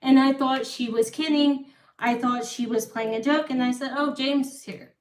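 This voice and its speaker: A woman's voice: high voice, steady tone, normal speed. A young woman hosting a livestream, telling a long personal story casually, circling back and repeating herself. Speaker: livestream host. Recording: echoey room, far from the mic.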